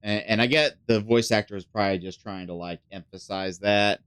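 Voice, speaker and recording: Casual gamer host, male, clear voice, dry close sound, chatty and filler-heavy, mutters while thinking. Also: on the low side, fairly even intonation, fairly quick, a bit bright, no room sound. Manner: drops to a mutter when thinking aloud. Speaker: gaming channel host. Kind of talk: casual let's play commentary.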